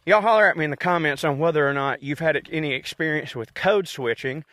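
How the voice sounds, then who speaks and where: A man's voice: on the high side, a little fast, a bit bright, no room sound, studio quality. A man with a Southern US accent, a comedian and podcast host, ranting alone in a casual, rambling, profane and self-mocking way. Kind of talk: casual solo rant.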